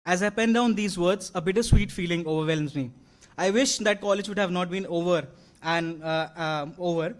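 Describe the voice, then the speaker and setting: A man's voice: sits high, normal speed. A young man, giving an earnest graduation speech with many fillers and restarts. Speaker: award-winning graduate. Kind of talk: convocation speech. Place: large convocation hall.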